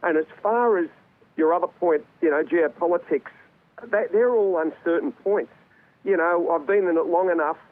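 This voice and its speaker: A man's voice: a little high, normal speed. A man giving live market commentary as a guest over a remote link, conversational with many fillers and repeated words. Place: remote link from another city. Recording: tinny phone-like remote line.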